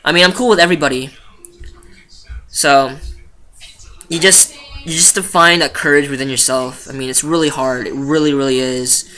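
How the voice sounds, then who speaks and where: Late-teen male vlogger, bright and punchy tone, chatty and loose, profane. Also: fairly high pitch, moderate pace, pauses often. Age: late teens. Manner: chatty, rambling, swears freely, lots of fillers. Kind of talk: casual confessional vlog.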